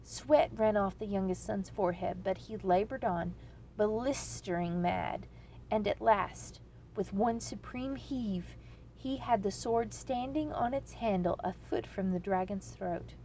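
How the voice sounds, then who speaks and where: A woman reading a storybook aloud in a slow, measured way. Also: mid-range voice, dark tone, slight background noise.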